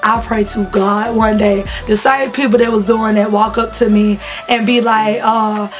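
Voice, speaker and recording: With a medium pitch and fairly even intonation, this woman speaks a little slowly over soft background music. She's a Southern US vlogger in her 20s, casually telling candid stories to camera, laughing, chatty and full of slang.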